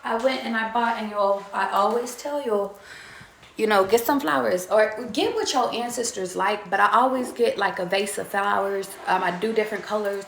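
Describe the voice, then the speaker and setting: A woman's voice: medium pitch, moderate pace, vocal fry, fairly bright tone, slight background noise. A young woman tarot reader talking casually to her viewers, chatty and swearing freely. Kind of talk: casual spiritual talk to viewers. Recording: echoey room.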